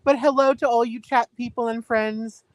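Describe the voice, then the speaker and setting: A man appearing as a guest on a casual live stream, relaxed and quick to laugh. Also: very high voice. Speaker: trivia guest.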